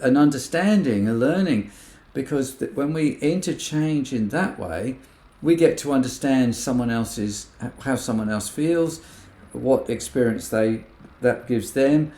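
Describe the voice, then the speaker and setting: Gentle-voiced man in an echoey room. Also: mid-range voice, a little slow, few pauses. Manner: gentle, acts out quoted remarks in other voices. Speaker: podcast co-host. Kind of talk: casual reflective chat.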